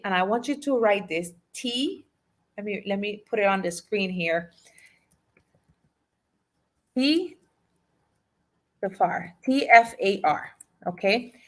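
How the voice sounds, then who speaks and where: A woman life and business coach giving a motivational talk, emphatic, repeating key phrases and asking her audience questions. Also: medium pitch.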